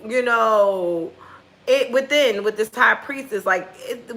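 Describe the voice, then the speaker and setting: A woman giving a casual tarot reading in a blunt, profane, animated way. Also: mid-range voice, takes it slowly, echoey room, low-quality recording. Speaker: tarot reader.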